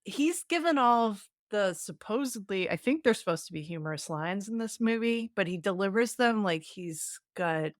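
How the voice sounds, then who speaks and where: A woman's voice: mid-range voice, animated, no echo. Chatty opinionated woman, dry close mic. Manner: chatty, opinionated, quick to joke. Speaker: podcast co-host. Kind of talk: casual movie review chat.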